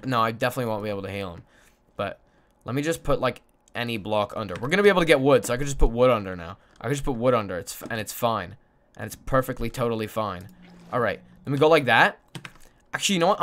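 A young man live-streaming a game, mumbling to himself and his chat, swearing often and breaking into loud excited shouts. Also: mid-range voice. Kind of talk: casual gaming livestream chat.

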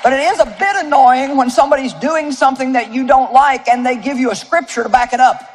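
A woman in her seventies preaching a sermon to a live audience, telling a story in a folksy, animated way with asides to the crowd. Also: sits high, a little fast, noisy background. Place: large auditorium with audience.

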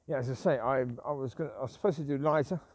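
A man's voice: mid-range voice, very fast, a little mellow, no room sound. A man rambling as he walks his dogs outdoors at night, grumbling and repeating himself. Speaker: vlogger walking his dogs. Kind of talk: rambling walk-and-talk.

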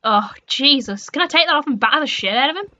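A young woman with a high, bright voice talks through a horror game, cursing and jumping from scared yelps to grumbling mutters. The sound is a little dull, with a faint hiss behind her. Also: expressive, fast talker. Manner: jumpy, sweary, swinging between shrieks and mutters. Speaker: gaming streamer.

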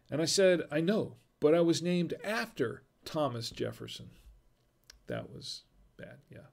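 Gravelly chuckling man hosting a livestream. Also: fairly high pitch, expressive, unhurried, a little mellow. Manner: chuckles at his own jokes, trails off mid-sentence. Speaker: host reading viewer jokes on a livestream. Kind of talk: casual livestream chat.

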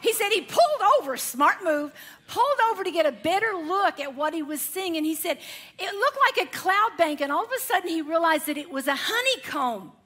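A woman preacher telling a story in a sermon, animated and with laughing asides. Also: extremely high pitch, fairly quick.

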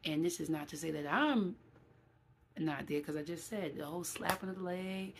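A middle-aged woman from New City, talking casually to camera in a vlog. She is animated and acts out quoted voices, with many fillers. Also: lowish voice, normal speed, background noise. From New York City. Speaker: vlogger.

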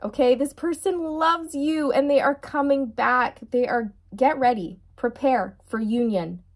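During a relaxed tarot reading, a woman talks directly to her audience and keeps bursting into giggly laughter. Her voice sits high, and she takes her time.

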